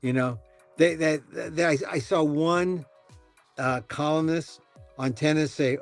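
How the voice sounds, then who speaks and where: A man hosting a casual talk show, rambling and animated, with many restarts. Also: a little high, takes it slowly, faint music behind. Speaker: podcast host. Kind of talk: casual chat.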